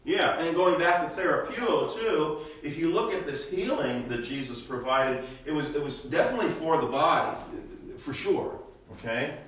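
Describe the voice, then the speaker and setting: A man's voice: on the high side, animated, normal speed, fairly bright tone. An older man, a pastor leading a Bible study class, teaching with rhetorical questions and a habit of tagging sentences with "okay?". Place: church classroom. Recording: echoey church room, mic far off.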